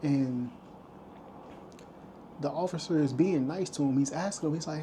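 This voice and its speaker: Mellow-voiced man telling a story. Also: on the high side, normal speed, long pauses, a little hiss or hum. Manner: retells events loosely, acting out quoted lines. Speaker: vlogger. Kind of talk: casual storytelling to camera.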